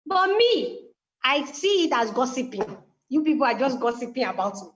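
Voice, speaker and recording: A woman with a high voice tells a personal story, acting out the lines of the people in it. The recording sounds dull and lo-fi. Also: moderate pace, a little hiss or hum. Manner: animated storytelling with quoted dialogue. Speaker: guest speaker. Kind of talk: conversational explanation.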